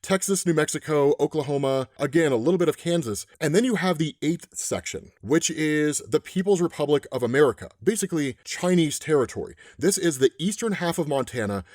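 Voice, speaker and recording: Man, casual comic recap, animated and chatty, dry close mic. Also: on the high side, brisk, hardly any pauses, no echo. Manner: animated, chatty, says "right?" often. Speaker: comic book explainer.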